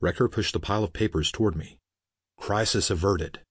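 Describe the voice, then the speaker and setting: A man narrating an audiobook in an even, steady storytelling manner. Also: fairly low pitch, quick pace, slightly rough, no echo, studio quality. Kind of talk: scripted narration.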